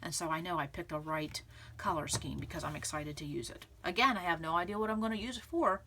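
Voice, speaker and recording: A woman running a scrapbooking channel gives a casual, upbeat tutorial, clearing her throat from pollen and often using "okay" and "again." Her voice is lowish and sharp, her pace quick, with a little hiss or hum audible.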